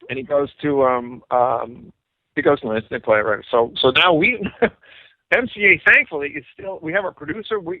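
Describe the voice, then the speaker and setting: Man, middle-aged, interview guest, animated storyteller, tinny phone-like sound. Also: a little high, no echo. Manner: animated storyteller acting out quoted dialogue. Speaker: guest musician, bassist. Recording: tinny phone-like line, dry.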